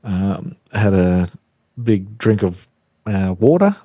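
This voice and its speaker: Mellow low Australian man, chatty co-host. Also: expressive, slow, breathy edge, dry recording. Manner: laid-back storytelling, chatty. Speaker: podcast co-host. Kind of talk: casual chat.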